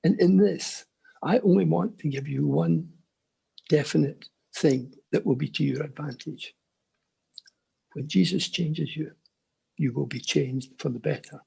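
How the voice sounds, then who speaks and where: An older man telling his personal faith story in an earnest storytelling manner with quiet asides. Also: fairly high pitch, measured pace, creaky, pauses often, slightly rough. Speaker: conference speaker. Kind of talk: personal testimony.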